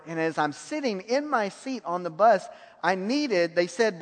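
A man preaching a sermon, telling a personal story in an animated way and laughing often. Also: high voice, in a large hall. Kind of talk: sermon testimony.

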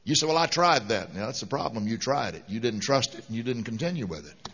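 A man's voice: mid-range voice, animated, quick pace, fairly bright tone, breathy edge. A man preaching a sermon with an emphatic, fervent delivery. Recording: dull lo-fi sound with long hall reverb.

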